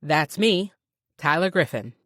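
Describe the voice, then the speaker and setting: A woman's voice: sits low, lively intonation, slow, fairly bright tone, no room sound, clean studio sound, heavily acted. A woman narrator voicing an easygoing young male Texan contractor with a slight Southern drawl in an audiobook. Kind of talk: audiobook character voice.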